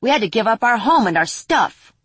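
A woman voicing a weary, sighing tiny female fairy with a flat, dry manner. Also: fairly high pitch, fairly quick, husky, no room sound, pitched above the performer's own voice, exaggerated voice.

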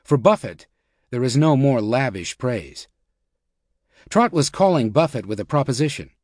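A male audiobook narrator reading nonfiction in a measured, even voice. His pitch is ordinary for a man, and the recording is close and dry, with no room sound. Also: dry recording.

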